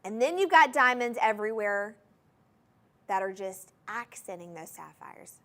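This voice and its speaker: In a medium-pitched, fairly bright voice, a woman hosts a live jewelry sale on a TV shopping channel from the studio. Her manner is gushing and enthusiastic; she speaks right to viewers and keeps repeating item numbers and main points.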